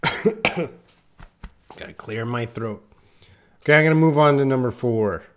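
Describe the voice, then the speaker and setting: A man's voice: mid-range voice, unhurried, a bit bright. A man giving a casual live-stream lesson, chatting to viewers by name and laughing at his own slips. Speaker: English teacher.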